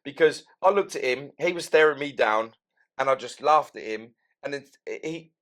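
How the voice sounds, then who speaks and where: A man hosting a podcast in casual chat, acting out both sides of everyday exchanges in an animated way. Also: medium pitch, moderate pace. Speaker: podcast host.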